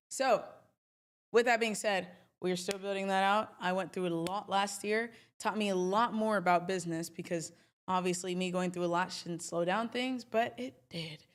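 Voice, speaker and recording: A young woman hosting a trading livestream, talking in a chatty, emphatic and animated way. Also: mid-range voice, normal speed. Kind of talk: casual livestream talk.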